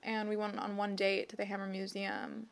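A woman's voice: medium pitch, flat delivery, moderate pace, vocal fry. A woman in her late twenties chatting casually, laughing often and acting out the people she quotes. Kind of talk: casual chat.

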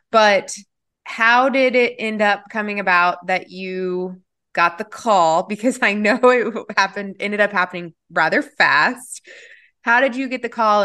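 A woman hosting an interview, asking gentle, encouraging questions. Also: mid-range voice. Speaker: podcast host.

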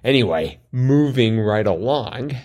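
A man's voice: medium pitch, animated, measured pace, a little mellow. A man co-hosting a crossword podcast, chatting casually with wry puns and many fillers. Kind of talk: casual chat.

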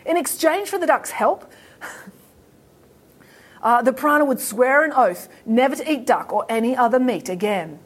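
An Australian woman tells a children's story in a playful, animated way. Her voice sits a little high and sounds breathy. Her pitch rises and falls widely. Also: a little slow, long pauses. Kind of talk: storytelling for kids.

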